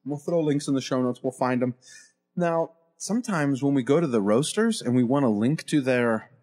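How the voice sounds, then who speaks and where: A man hosting a casual coffee review show, chatting and teasing his co-host in a relaxed way. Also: medium pitch, normal speed. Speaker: podcast host. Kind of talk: casual chat.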